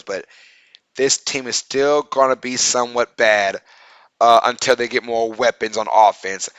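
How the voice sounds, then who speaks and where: A man's voice: medium pitch, unhurried, sharp tone, clean tone, no echo. A young man with a Southern accent co-hosting a casual sports live stream, chatty and full of fillers as he reads viewer comments aloud. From Louisiana. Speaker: sports podcast co-host.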